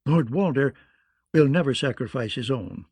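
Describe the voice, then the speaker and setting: A man's voice: mid-range voice, moderate pace, a little mellow, husky, dry recording. A man voicing a fretful old maester with a quavering voice.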